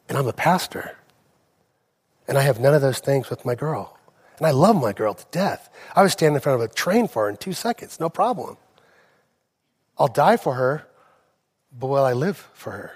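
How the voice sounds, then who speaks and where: A male pastor delivering a sermon, telling personal stories with emphasis and slowing down on key phrases. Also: medium pitch, expressive. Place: church sanctuary. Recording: long reverb of a church hall.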